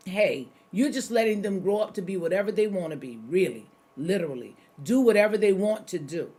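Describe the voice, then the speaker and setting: Middle-aged woman pastor, conversational sermon, folksy, speaks directly to listeners, mid-range pitch. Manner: folksy, talks straight to listeners, repeats key phrases.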